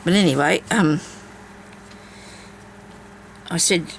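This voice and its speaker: A woman's voice: on the low side, a little fast, vocal fry, a little hiss or hum, low-quality recording. A woman chats casually while she embroiders, rambling from story to story with many asides. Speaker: craft vlogger.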